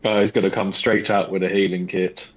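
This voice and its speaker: A man's voice: deep voice, flat delivery, brisk, breathy edge, highs cut off. A man playing his character in a tabletop game, speaking earnestly in plain statements. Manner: earnest, declarative. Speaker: player.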